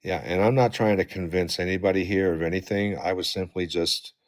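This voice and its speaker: A man in a group discussion who defends his view calmly, giving ground and searching for words. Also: sits low, a little fast. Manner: calm, conciliatory, hesitant. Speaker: discussion participant.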